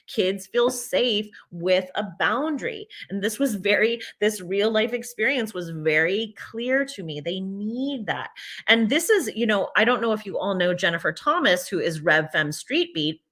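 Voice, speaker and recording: Bright-voiced woman speaking emphatically. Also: mid-range voice, lively intonation, unhurried. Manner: rambling, many restarts and fillers. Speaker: speaker addressing an audience. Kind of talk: casual spoken talk.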